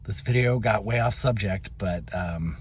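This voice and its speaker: A young adult man telling a personal story in a halting, emotional way, with many fillers and restarts. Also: lowish voice, slight background noise. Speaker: vlogger.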